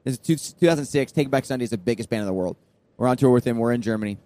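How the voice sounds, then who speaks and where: A man in casual podcast chat, telling animated tour stories and acting out fans' lines. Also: medium pitch, very fast, a little hiss or hum. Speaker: podcast guest, touring musician.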